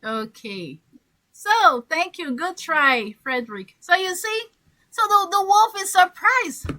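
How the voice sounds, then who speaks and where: High, slow-talking woman teaching English. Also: very animated, sharp tone, rough recording. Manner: encouraging, repeats key phrases. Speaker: English coach. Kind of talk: teaching an online class.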